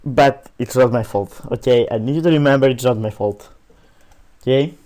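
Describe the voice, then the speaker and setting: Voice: mid-range voice, normal speed, dark tone. A let's player giving casual, sarcastic commentary over a game. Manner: joking, sarcastic asides.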